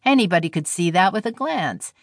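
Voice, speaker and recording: A woman's voice: lowish voice, animated, brisk, no echo, clean studio sound. A woman reading the part of a kindly young male railroad engineer, cheerful and slangy. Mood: breezy.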